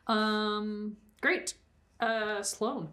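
A woman's voice: medium pitch, fairly even intonation, drawn-out words, bright, forceful tone. Playful woman game master. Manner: playful, laughs often while narrating. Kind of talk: narrating a tabletop game.

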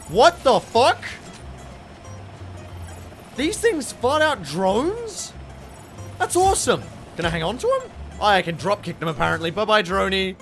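A young Australian man giving excitable, swear-filled commentary while playing a video game. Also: high voice. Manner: excitable, swearing, laughing at chaos. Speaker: gaming YouTuber. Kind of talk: live gameplay commentary.

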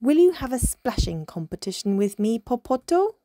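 A woman voicing a boastful, bossy young boy dolphin who talks loudly and shows off. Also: on the high side, very animated, moderate pace, no room sound, studio quality, voice pushed up. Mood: excited.

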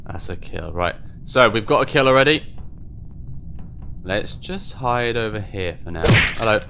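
A man giving excitable live commentary on his own gameplay, quick to get worked up and swear at other players. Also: fairly low pitch, creaky, noisy background. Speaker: gaming video host.

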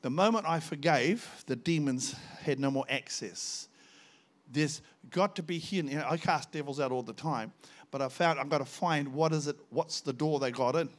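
An older man delivers a sermon as a visiting preacher. His voice sits a little high for a man, and he tells his story with animated back-and-forth dialogue. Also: normal speed. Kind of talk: sermon with personal testimony.

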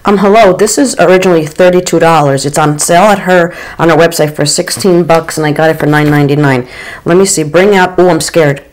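A woman in her forties or fifties chatting through a makeup routine, gushing with frequent excited oohs. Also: low-pitched, poor audio. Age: 40s or 50s. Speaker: beauty vlogger. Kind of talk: casual makeup get-ready-with-me chat.

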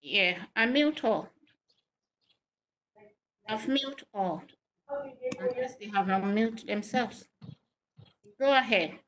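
A woman moderating online student presentations, giving slow, direct instructions. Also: medium pitch, animated, a bit bright, a little hiss or hum, poor audio.

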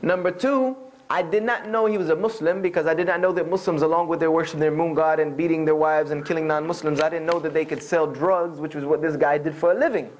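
A man in his thirties tells a humorous personal story to an audience, animated and acting out the people he quotes. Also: a little high, quick pace, hardly any pauses. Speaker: Islamic speaker telling his conversion story.

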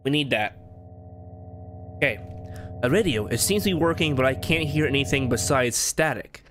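A jumpy gameplay commentator mutters to himself and lets out yelps at the scares while playing a horror game. He has a mid-range voice at normal speed, with game music running underneath.

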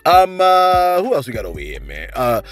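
A man hosting a celebrity news channel in casual commentary, reading viewer shout-outs and tagging sentences with "man" and "you know what I'm saying". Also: fairly high pitch, wildly swooping pitch, moderate pace, dry recording, soft background music.

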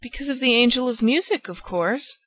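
A cheerful, bedridden old lady talks in a bright, raised voice, fond and gently scolding. A woman reading the audiobook puts her on. Her tone is gay and affectionate. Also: fairly high pitch, animated, fairly quick, pitched above the performer's own voice. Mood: confiding. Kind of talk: audiobook character voice.

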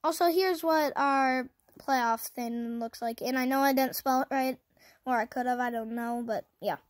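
A woman giving casual, self-mocking commentary over her own football video game, cheering in excited bursts. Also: sits high, normal speed, dry recording. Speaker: gaming channel host.

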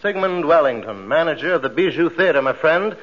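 An actor playing a pompous, grandiloquent middle-aged theater manager in a 1940s radio comedy, fussy about grammar. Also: male voice, a little high, lively intonation, brisk, close to an everyday voice. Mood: lofty. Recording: muffled hissy 1940s radio broadcast.

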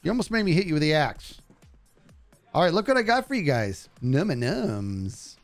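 Brief: male game streamer, animated and talky, somewhat high voice, soft music behind. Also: brisk. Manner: chatty, talks to animals and chat. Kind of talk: live gameplay commentary.

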